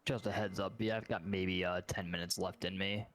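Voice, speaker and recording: A man playing a tabletop game from a hot room at his computer, laid-back and quiet. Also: sits low, fairly even intonation, moderate pace. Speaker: player.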